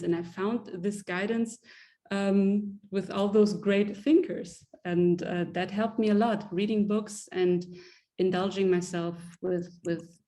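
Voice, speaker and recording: Earnest woman with a mellow voice. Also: mid-range voice. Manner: earnest, restarts sentences often. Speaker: guest. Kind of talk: reflective interview talk.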